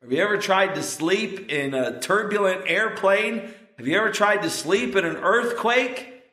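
Slow, earnest male preacher in an echoey hall. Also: high voice, expressive, pushed and bright. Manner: slow, earnest preaching with rising emphatic peaks. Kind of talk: sermon. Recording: roomy echo.

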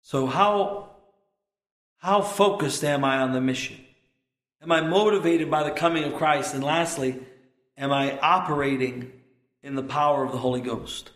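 A man preaching a sermon as pastor, impassioned and building to shouted peaks. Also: fairly high pitch, normal speed, pauses often, reverberant.

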